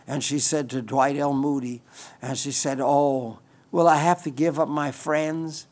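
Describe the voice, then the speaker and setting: Man giving a sermon, kinda high voice, earnest, repeats himself for emphasis. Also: fairly even intonation, a little slow, a little mellow. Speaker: preacher.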